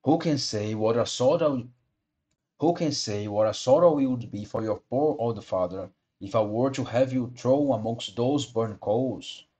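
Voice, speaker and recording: A man reading a storybook aloud, voicing a gruff, bearded male puppet showman with a hoarse voice who speaks loudly and slowly. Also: lightly acted. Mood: blustering. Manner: loud, slow, booming delivery with sneezes.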